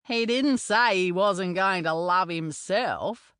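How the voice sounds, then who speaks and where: A woman's voice: lowish voice, slow, fairly bright tone, clean tone, no echo, clean studio sound. Woman voicing cheeky male teammate, upbeat, teasing.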